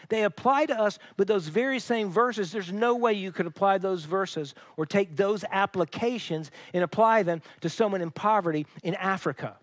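Male pastor, sermon, high voice, conversational, restarts often, dry close sound. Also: moderate pace, few pauses, no echo. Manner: conversational storytelling with frequent restarts. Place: church.

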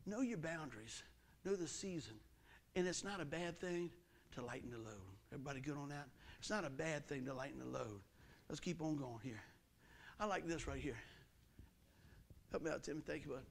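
A middle-aged preacher with a high, gravelly voice tells a folksy story from the pulpit. He acts out the scene with sound effects and voices, switching between loud, excited bursts and low, confiding asides. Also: moderate pace, pauses often, slight background noise. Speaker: pastor. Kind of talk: storytelling sermon. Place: church sanctuary.

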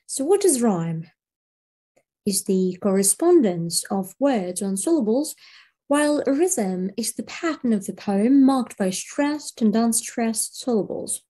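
A woman teacher giving a slow, clear video English lesson. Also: a little high, lively intonation, warm tone. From Belarus. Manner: slow, clear classroom delivery.

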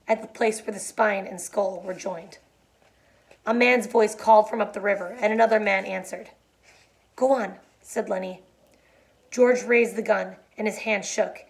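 A woman's voice: medium pitch, fairly even intonation, moderate pace, creaky. Woman reading a novel aloud. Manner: chatty, with fillers and restarts. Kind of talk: read-aloud and plain explanation.

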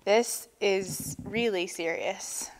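A woman voicing a gloomy walrus who moans his worries slowly and low. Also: animated, vocal fry, fairly bright tone, in a large hall, a little hiss or hum. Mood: worried. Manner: slow low moaning. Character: gloomy groaning male walrus.

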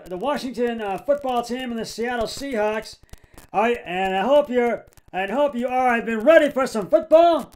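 A man hosting his own sports podcast, giving frustrated commentary, sometimes yelling, with many fillers and restarts. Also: extremely high pitch. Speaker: podcast host.

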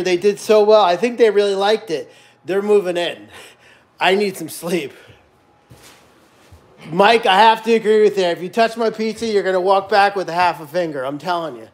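High-pitched guy doing a chatty live stream in a barn, cooing baby talk at the animals. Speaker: animal sanctuary livestream host. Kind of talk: casual live stream chat.

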